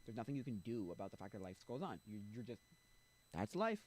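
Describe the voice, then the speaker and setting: A man's voice: on the low side, very animated, quick pace, poor audio. Rambling man chatting on a livestream. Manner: rambling, blunt, restarts and asides to chat. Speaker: streamer. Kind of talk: casual livestream chat. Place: home streaming setup.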